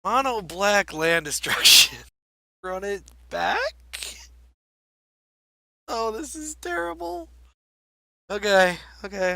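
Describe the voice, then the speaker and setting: Slow-talking, bright-voiced man commenting on gameplay. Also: sits high, expressive, vocal fry, no room sound. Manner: wry, self-mocking, thinks aloud. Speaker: card game streamer.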